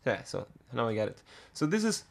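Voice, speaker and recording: A man teaching a music production tutorial, talking in a halting way with many fillers and restarts. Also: medium pitch, big pitch swings, creaky, heavy background noise. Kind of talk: screen-recorded software tutorial.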